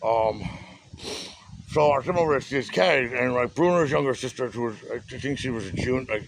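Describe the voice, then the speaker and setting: Gravelly-voiced man telling a story. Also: mid-range voice, normal speed, a little hiss or hum, rough recording. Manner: loose and profane, with street slang and many fillers. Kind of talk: casual spoken storytelling.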